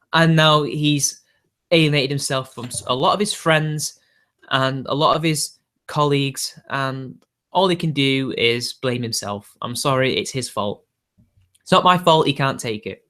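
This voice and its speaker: Bloke rambling on a stream, bit higher pitched, lots of "i dunno"s and little laughs. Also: male voice, unhurried, fairly bright tone. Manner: rambling, hedging, frequent chuckles. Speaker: livestream host. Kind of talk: casual off-the-cuff chat.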